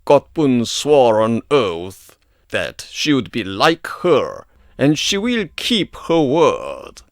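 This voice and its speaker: Slow, expressive male poetry narrator. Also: mid-range voice, no room sound, clean studio sound. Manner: slow, expressive poetic reading. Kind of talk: scripted narration of an epic poem.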